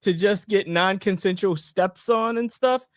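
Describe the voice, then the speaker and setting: A man co-hosting a podcast in casual chat, joking in a playful, deadpan way. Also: high-pitched, unhurried, no echo, clean studio sound. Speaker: podcast co-host.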